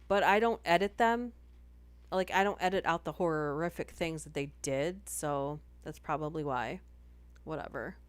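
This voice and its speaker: A woman's voice: on the low side, clean tone, dry recording. A woman chatting casually on a live stream between horror story readings. She rambles and interrupts herself as she talks.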